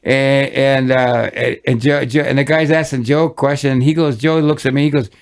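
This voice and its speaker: Older man with a gravelly voice. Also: medium pitch, steady tone, moderate pace, few pauses. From Michigan, USA. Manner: rambling anecdotes with many restarts and chuckles. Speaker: guest musician. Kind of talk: casual storytelling interview.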